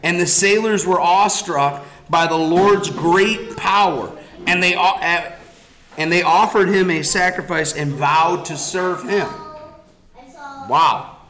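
Lively man leading a Bible study. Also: sits high, slow. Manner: lively storytelling, retells scripture casually. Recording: echoey room.

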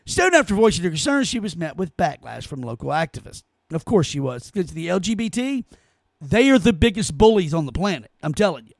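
A man's voice: high-pitched, sing-song, brisk, creaky, no echo. A man hosting his own podcast, ranting in an indignant, emphatic way and repeating phrases for effect. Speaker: podcast host. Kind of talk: opinionated solo podcast rant.

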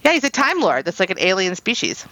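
Speaking fast in a mid-range voice, a late-30s female podcast co-host giggles through animated, casual storytelling and describes herself as anxious. The audio is poor, with a little hiss or hum.

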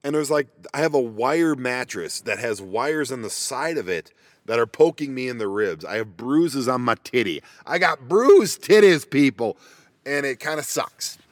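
A vanlife vlogger chats casually on his own, rambling and tossing in goofy self-mocking asides, recorded on a laptop microphone in a parked minivan. His voice sits at a medium pitch, expressive and a bit bright, at a normal speed, and the recording is dry.

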